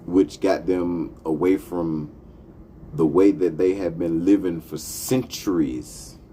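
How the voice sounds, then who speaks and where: A man's voice: low voice, fairly even intonation, takes it slowly, mellow, a little hiss or hum. A man hosting a talk show, delivering a profane, impassioned monologue. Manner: profane, heated, emphatic. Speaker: podcast host.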